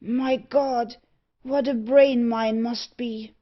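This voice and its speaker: A woman's voice: a little high, fairly even intonation, measured pace, lo-fi sound. A woman voicing a tormented young male captive in an audiobook, pleading and overwrought. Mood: frantic.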